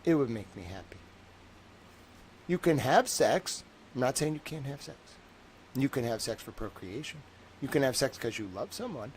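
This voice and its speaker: A man's voice: mid-range voice, expressive, moderate pace, long pauses, a little hiss or hum. Rambling joking livestream man. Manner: rambling and joking, full of "like" fillers. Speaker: livestream host. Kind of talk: casual livestream commentary.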